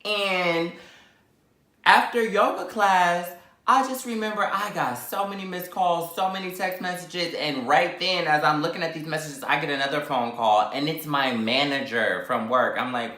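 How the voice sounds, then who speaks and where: A man in his twenties telling a dramatic story in a sassy, animated way, acting out the quotes. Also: a little high, normal speed, reverberant. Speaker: vlogger. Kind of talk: storytime while eating.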